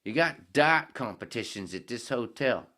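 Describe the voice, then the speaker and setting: A man's voice: lively intonation, moderate pace, natural voice. A man voicing a rude, bodiless talking head who barks orders in a mock Australian accent that slips toward British. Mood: bossy. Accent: mock Australian slipping toward British. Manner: barking demands, loud and high-pitched.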